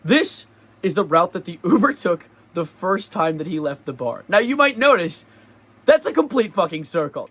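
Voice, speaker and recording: High-voiced young man telling a story. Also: normal speed. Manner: animated, laughing, sarcastic storyteller. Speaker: vlogger. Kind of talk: casual storytelling vlog.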